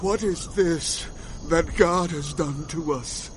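Reuben, an earnest eldest brother. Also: male voice, on the high side, takes it slowly, a little hiss or hum. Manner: earnest, pleading. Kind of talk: audio drama acting.

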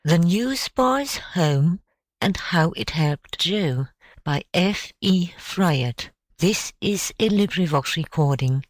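A woman narrates an audiobook at a slow, measured pace. Her voice sits fairly low and expressive. The sound is dry and close. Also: no echo, low-quality recording. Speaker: audiobook reader.

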